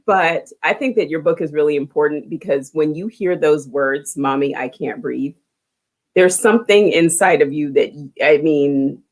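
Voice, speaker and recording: Talk show host, woman, middle-aged, low voice, conversational and emphatic. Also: moderate pace, few pauses. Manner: conversational, empathetic, emphatic asides. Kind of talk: casual interview chat.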